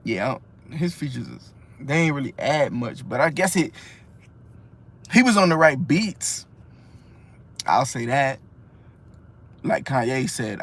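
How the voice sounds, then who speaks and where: A man's voice: fairly high pitch, very animated, a little slow, long pauses, a bit bright, slightly rough. A man giving a casual, rambling music review monologue, full of slang, restarts and fillers.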